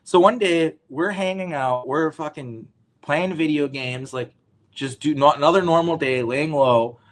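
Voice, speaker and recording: A man talking as an interview guest, telling a story in an animated, rambling way with lots of swearing. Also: a little high, measured pace. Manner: animated, profane, rambling with restarts.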